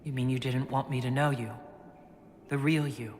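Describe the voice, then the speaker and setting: An earnest game heroine. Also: female voice, extremely low pitch, fairly even intonation, normal speed, darkish tone, in a large hall, a little hiss or hum. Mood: pleading. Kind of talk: video game dialogue.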